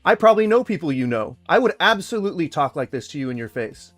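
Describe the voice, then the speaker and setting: A man's voice: on the high side, very animated, quick pace, fairly bright tone, soft background music. A man in his forties from Sacramento, California, delivering a heated, profane, sarcastic rant straight to camera in reply to a critic. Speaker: vlogger responding to a critic. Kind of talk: ranting direct-to-camera rebuttal.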